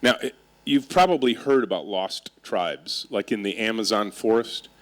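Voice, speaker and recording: A middle-aged company leader gives a humorous keynote on stage before a live audience, speaking on the low side at normal speed. He tells stories with wry, self-mocking humor and draws the crowd in with questions.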